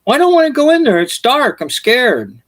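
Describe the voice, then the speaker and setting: A man voicing a cheeky little boy named Johnny in a high squeaky child's voice. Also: very animated, normal speed.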